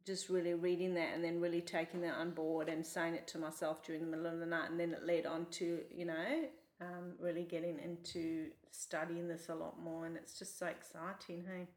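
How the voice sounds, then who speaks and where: A woman co-hosting a church podcast, talking with lively enthusiasm and laughing easily. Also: lowish voice, fairly quick, few pauses. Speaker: podcast co-host. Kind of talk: casual church podcast chat. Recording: roomy echo.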